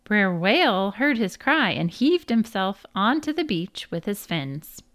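A woman narrating a folk tale as a storybook read-aloud, with a lively, expressive delivery. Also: mid-range voice, measured pace.

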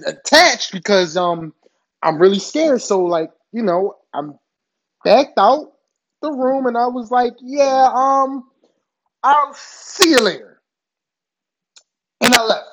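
A man telling a crude personal story in a casual, animated way, laughing often and swearing freely. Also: sits high.

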